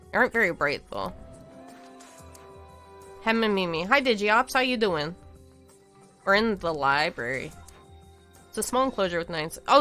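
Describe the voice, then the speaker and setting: A woman's voice: lowish voice, a bit bright. A woman live-streaming a game, chatting and giggling with viewers as she reads the game's lines aloud. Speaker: streamer playing a visual novel.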